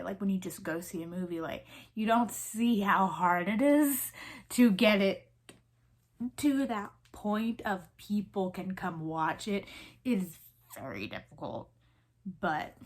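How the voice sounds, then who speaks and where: Chatty Southern woman in her twenties. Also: medium pitch. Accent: Southern American. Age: 20s. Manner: chatty, rambling, many fillers and restarts. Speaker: vlogger. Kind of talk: casual chat.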